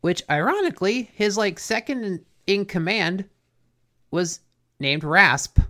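A podcast co-host casually recapping a cartoon episode in a relaxed, rambling way, leaning on "like" and "basically". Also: mid-range voice, unhurried.

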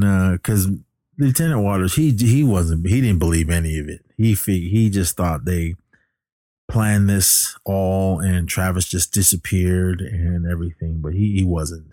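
A deep-voiced, mellow man casually retells a film's plot, rambling with lots of fillers and restarts. The audio is studio quality with no echo.

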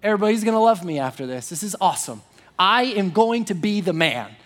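A man preaching a sermon, telling a personal story in an animated, self-deprecating way, full of quick restarts. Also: high voice. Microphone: online service broadcast.

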